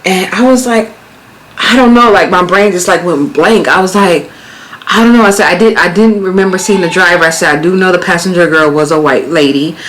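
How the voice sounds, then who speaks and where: American lady in her 30s vlogging, chatty storytelling, gets loud and heated, cusses. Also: lowish voice, brisk, a little hiss or hum, poor audio. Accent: American, Las Vegas. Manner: animated, swearing, rising to exclaim in quoted retellings. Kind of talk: casual storytelling.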